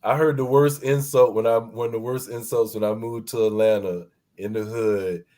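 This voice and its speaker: A man co-hosting a casual talk show, lively and joking, quick to laugh. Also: fairly low pitch. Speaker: podcast co-host. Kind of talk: casual chat.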